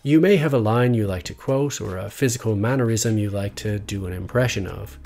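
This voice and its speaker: A man narrating a scripted video essay in a measured, analytical way. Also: on the low side, gravelly, darkish tone. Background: faint background music.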